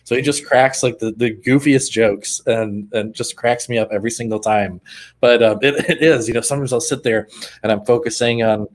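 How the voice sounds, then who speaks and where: A man's voice: medium pitch, steady tone, normal speed. A man co-hosting a casual chat, thoughtful and giggly, with plenty of fillers. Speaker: podcast co-host.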